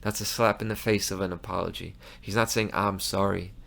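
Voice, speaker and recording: A man's voice: lowish voice, steady tone, fast talker, vocal fry, a bit bright. A man hosting a commentary show, talking in a heated, emphatic way with frequent restarts. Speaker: host. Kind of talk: impassioned commentary monologue.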